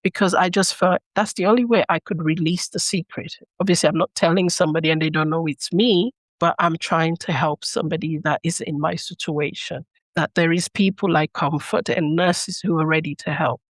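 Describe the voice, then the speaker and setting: A woman's voice: low-pitched, fairly even intonation, moderate pace, hardly any pauses, no echo. A woman from Leone, a podcast guest who tells her personal story earnestly. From Sierra Leone. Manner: earnest storytelling that acts out remembered dialogue.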